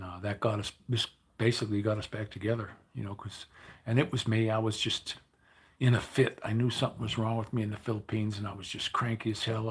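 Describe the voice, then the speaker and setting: Worn-out older man with a gravelly rasp. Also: on the low side. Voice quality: gravelly, raspy. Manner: rambling, candid, grumbling, many restarts. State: weary, low on energy. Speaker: livestream host. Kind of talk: casual chat to viewers.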